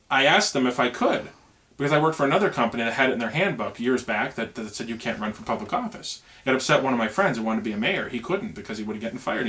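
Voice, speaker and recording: A man's voice: a little high, fairly bright tone. A man who drives trucks, talking straight to camera about running for president, earnest and rambling with lots of "you know". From United States. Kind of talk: casual campaign video to camera.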